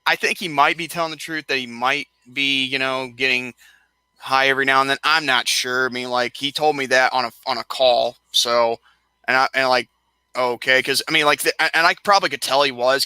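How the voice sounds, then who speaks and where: A man's voice: mid-range voice, bright, forceful tone, clear, resonant tone, dry recording. A young man hosting a casual live-stream chat, rambling and tripping over his words as he repeats himself while he rants.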